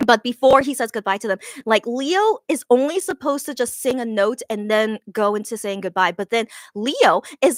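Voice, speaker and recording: A woman's voice: a little high, brisk, few pauses, a bit bright, dry recording, clean studio sound. A woman casually recapping a live show she saw, gushing and rambling with lots of fillers and restarts.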